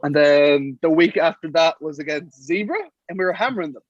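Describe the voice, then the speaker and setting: A young Irish man telling lively anecdotes as a guest on a casual podcast, acting out the quotes in his stories. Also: a little high, brisk, no echo, muffled recording. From Sligo, Ireland. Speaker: guest, professional rugby player.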